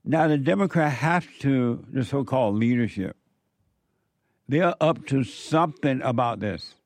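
Guy ranting in a dry close room, mid-pitched, keeps repeating himself for emphasis. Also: lively intonation, unhurried, no room sound. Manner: emphatic, repetitive warnings. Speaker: political commentator. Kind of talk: opinion monologue.

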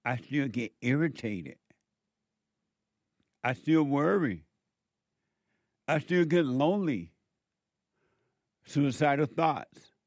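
Slow, emphatic male preacher. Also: animated, no echo. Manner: emphatic, scolding, with big swings in loudness and pitch. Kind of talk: sermon.

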